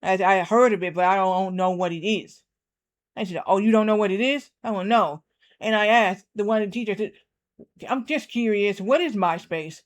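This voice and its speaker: Guy streaming a game, kinda high voice, rambles and keeps repeating himself. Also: moderate pace. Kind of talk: casual storytelling while gaming.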